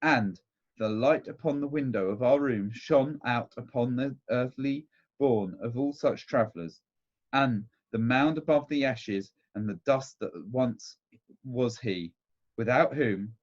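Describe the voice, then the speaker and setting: A man's voice: medium pitch, measured pace. A man reading a classic novel aloud, often stumbling over words and going back to restart phrases, in a dull lo-fi recording. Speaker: reader.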